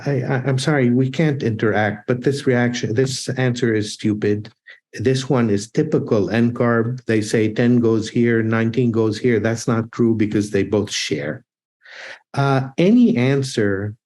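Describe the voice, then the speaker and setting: Male instructor with a warm, mellow voice, lecturing with emphatic repetition. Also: medium pitch. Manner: emphatic and repetitive, drills points. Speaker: architecture exam prep instructor.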